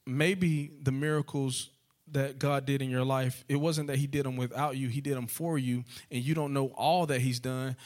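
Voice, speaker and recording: Man preaching, rising to loud calls. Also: mid-range voice, fairly even intonation, normal speed. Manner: preaching with repeated rhetorical questions, building to loud calls. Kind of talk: sermon. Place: church sanctuary.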